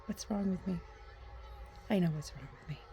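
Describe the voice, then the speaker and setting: A woman chatting casually at home in a book vlog, soft-spoken and often half-whispering. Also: on the low side, moderate pace. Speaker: book vlogger.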